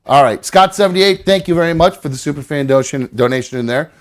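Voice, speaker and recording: A man's voice: a little high, fast, few pauses. A middle-aged man hosting a live show, chatting loosely, rambling and swearing casually. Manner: rambling, swears casually, coos at his dog. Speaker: podcast host. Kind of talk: casual live-stream chat.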